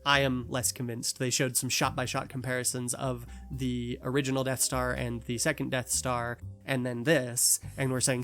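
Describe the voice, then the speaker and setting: A man co-hosting a casual podcast chat, animated and quick to slip into mock voices to make a point. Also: medium pitch, faint music behind. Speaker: podcast co-host.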